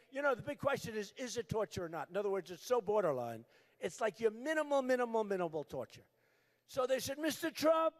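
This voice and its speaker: An older man giving a campaign rally speech at a podium microphone, repetitive and emphatic, shouting at times. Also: very high-pitched. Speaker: political candidate. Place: large rally venue.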